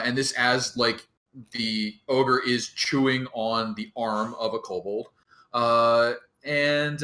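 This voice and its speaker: A man runs a tabletop game as its dungeon master, drawing out his words slowly. His pitch swings widely as he narrates, relaxed and rambling. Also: reverberant. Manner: relaxed, rambling, laughs often.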